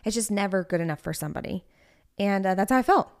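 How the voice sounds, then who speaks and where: A woman's voice: mid-range voice, lively intonation, fast talker, darkish tone. Young woman on a podcast, rambly and emotional, says like a lot, casual chatty vibe. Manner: emotional, rambling, heavy use of "like". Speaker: podcast co-host. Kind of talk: casual chat.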